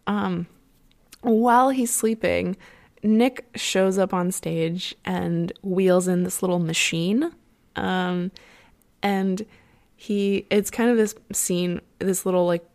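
A woman's voice: on the low side, vocal fry, darkish tone. A young woman casually retelling an opera plot, rambling with many fillers and frequent laughs.

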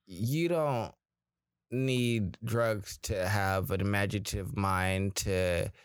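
A man's voice: fairly low pitch, takes it slowly, clear, resonant tone, dry recording, clean studio sound. A man co-hosting a podcast, explaining his point of view in a casual chat, with some hesitant restarts. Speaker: podcast co-host.

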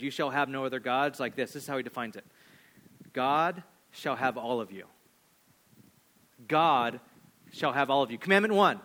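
A man in his thirties preaching a sermon, animated, swinging between loud emphasis and hushed, low asides. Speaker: pastor.

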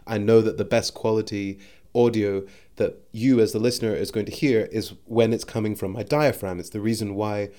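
A man's voice: fairly low pitch, steady tone, normal speed, mellow. A man hosting a solo podcast, talking thoughtfully into a microphone and often restarting his sentences as he searches for words. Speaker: podcast host. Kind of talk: reflective solo podcast monologue.

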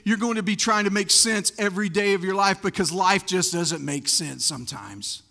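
High, bright-voiced preaching man. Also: moderate pace, creaky, few pauses, in a large hall. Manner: impassioned preaching, building to near-shouts. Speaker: pastor. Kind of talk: sermon.

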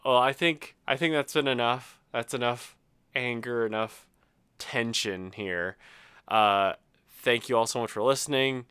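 Smooth-voiced man venting casually. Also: medium pitch, measured pace, pushed and bright, dry recording, studio quality. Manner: rambling, self-mocking venting with laughs. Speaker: host. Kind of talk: casual solo monologue.

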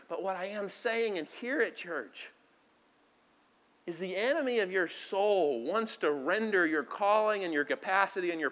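A man preaching a sermon as pastor, talking conversationally and moving between quiet asides and loud, emphatic lines. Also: high-pitched. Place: church sanctuary.

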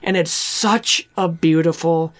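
A man's voice: fairly high pitch, fairly even intonation, slow. A man co-hosting a podcast, recapping a movie in a loose, rambling way. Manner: rambling, loose, with restarts and acted-out quotes. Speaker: podcast co-host. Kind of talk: casual movie recap chat.

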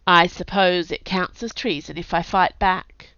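A woman with a cold voicing a stern, poised older witch who speaks in a brisk, businesslike way. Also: lowish voice, fairly even intonation, fairly bright tone, no echo. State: has a cold. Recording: dull, dry audio.

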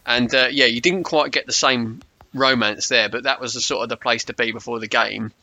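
A man's voice: mid-range voice, steady tone, a little fast, bright, forceful tone, no room sound, rough recording. A man in casual conversation, reminiscing about match days and often restarting with repeated words. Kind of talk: casual chat.

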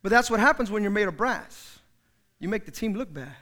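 A male pastor with a strikingly high voice preaches a sermon in a bright, ringing tone, speaking briskly and with animation. He acts out the people he quotes through big, loud outbursts.

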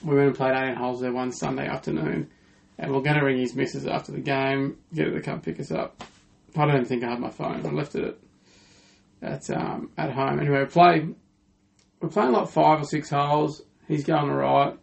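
Gravelly Australian man telling stories. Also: a little high, steady tone, normal speed. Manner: laughs often while telling stories. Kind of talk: casual storytelling.

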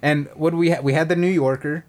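A man co-hosts a casual podcast and tells road-trip stories in a relaxed, chatty way. He swears often and jumps into quick impressions of the people he met. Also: a little high. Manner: profane, animated, acts out quotes. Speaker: podcast co-host. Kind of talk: casual storytelling chat.

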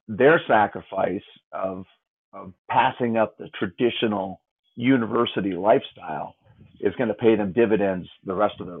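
A man's voice: lowish voice, creaky. A middle-aged man, a hockey player's parent, telling a story in conversation with lots of restarts, acting out other people's lines. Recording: tinny phone-line sound.

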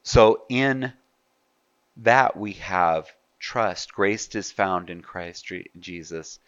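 A man's voice: low voice, extremely slow, fairly bright tone, no echo, muffled recording. A man preaching a sermon in a conversational way, asking his listeners rhetorical questions. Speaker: pastor.

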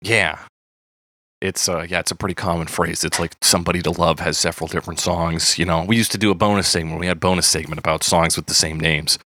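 A man's voice: deep voice, fast, no echo, clean studio sound. A man co-hosting a podcast, chatting casually and animatedly about a song. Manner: animated, laughing, reads lyrics aloud. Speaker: podcast co-host. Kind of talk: casual chat about music.

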